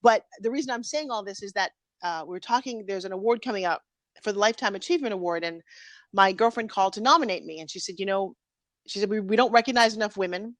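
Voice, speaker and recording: Woman, fifties, interview guest, emotional, candid, animated, mid pitch, dry sound. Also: fast, no echo. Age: 50s. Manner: candid and animated, close to tears. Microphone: live video stream.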